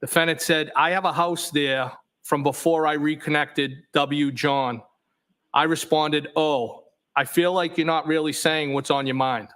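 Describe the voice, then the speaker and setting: A man testifying in court, reading text messages aloud in a flat, methodical way. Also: on the high side, unhurried. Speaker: trial witness.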